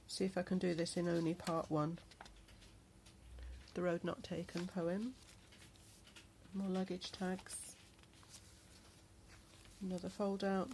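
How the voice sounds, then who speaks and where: A woman with a lowish, darkish voice chats her way through a handmade travel journal in a casual show-and-tell vlog. She's an unhurried crafter who fills her talk with ums, and there's slight background noise.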